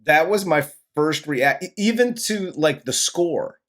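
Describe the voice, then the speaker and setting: A man in a relaxed movie review chat takes his time with every thought. His voice sits a bit high, and his talk is loose, crude and full of laughter. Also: unhurried. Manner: laid-back, profane, laughs often. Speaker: podcast co-host, movie reviewer. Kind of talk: casual chat.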